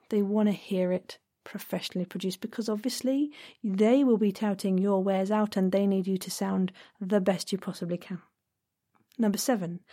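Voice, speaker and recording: A woman hosts a casual advice podcast in a mellow, softly toned voice. She is chatty and encouraging, and she often breaks off into quick asides and little laughs. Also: medium pitch. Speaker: podcast host.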